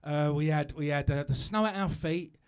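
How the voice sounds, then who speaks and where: A man's voice: on the high side, normal speed, clean tone. A British man doing a stand-up comedy set on a live stage, chatty and self-mocking, stumbling over asides.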